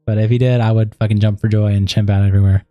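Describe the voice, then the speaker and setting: A man hosting a casual livestream, chatting with viewers in a loose, profane way, full of fillers and sarcastic, deadpan asides. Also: lowish voice, very fast, no echo, lo-fi sound, soft background music. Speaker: livestream commentary host.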